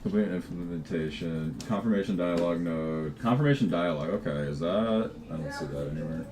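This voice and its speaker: A man's voice: deep voice, a little fast, noisy background. A man chatting casually on a livestream while he codes, swearing, laughing easily and often restarting his words. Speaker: game developer livestreaming.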